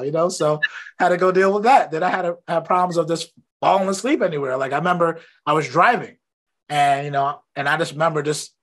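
A man hosting an interview from his home office, talking in a relaxed, rambling way about his own habits. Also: fairly high pitch, fairly quick. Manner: relaxed and talkative, rambling anecdotes. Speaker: podcast host. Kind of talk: casual interview chat.

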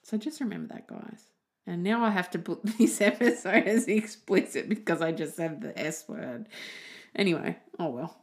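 A woman hosting a casual solo podcast, chatty and animated, swearing freely. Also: on the low side, normal speed. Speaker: podcast host.

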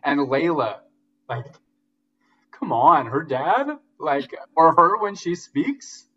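A man's voice: fairly high pitch, expressive, slow pace, pushed and bright, slightly rough, recorded from a distance, muffled recording. A man guesting on a sports podcast, eager and openly emotional about the games, filling gaps with "like" and "um". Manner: enthusiastic, gets emotional, fillers like "like" and "um". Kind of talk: casual sports chat.

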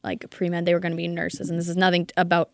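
A woman's voice: on the low side, monotone, quick pace, vocal fry, dry recording, studio quality. A young woman chatting casually as a podcast co-host, talking in a hesitant, filler-heavy way. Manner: hesitant, lots of fillers and giggles. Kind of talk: casual chat.

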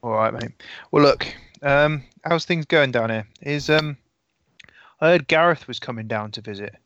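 A man playing a tabletop role-playing game, casual and quick to swear. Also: mid-range voice, fairly bright tone, lo-fi sound, slight background noise. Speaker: player. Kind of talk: tabletop role-play in and out of character.

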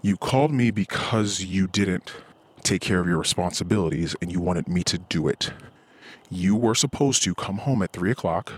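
A man in his thirties hosting a podcast, venting in a frustrated, profane monologue and mimicking others in a high voice. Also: breathy edge. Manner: frustrated, ranting, swears often. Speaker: podcast host.

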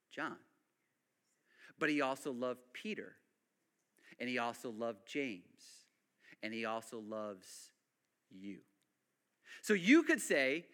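A male pastor preaching a sermon, dropping to hushed lines and rising to loud emphatic build-ups, repeating phrases for emphasis. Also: on the high side.

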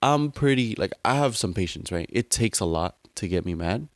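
A man's voice: fairly low pitch, lively intonation, moderate pace, dry recording. Rambling young man, dry close sound. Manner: rambling storytelling, filler-heavy, slangy. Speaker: podcast co-host. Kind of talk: casual chat.

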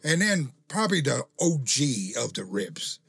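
A man's voice: mid-range voice, gravelly, slightly rough, no room sound. A man hosts a casual podcast and unwinds into long, easygoing anecdotes. His voice sits in an ordinary mid range and laughs come easily. The sound is dry and close. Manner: laughs often, relaxed, drawn-out anecdotes. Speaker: podcast host, former wrestler. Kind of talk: casual storytelling chat.

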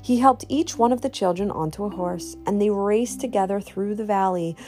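A woman reading a children's storybook aloud in an expressive, animated way. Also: mid-range voice, moderate pace, soft background music.

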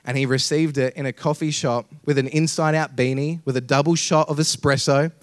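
A young man, a pastor, telling a story in a sermon with humor and loud emphatic peaks. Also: on the high side, brisk, dry recording, clean studio sound. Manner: lively, jokey, builds to loud emphatic peaks. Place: church.

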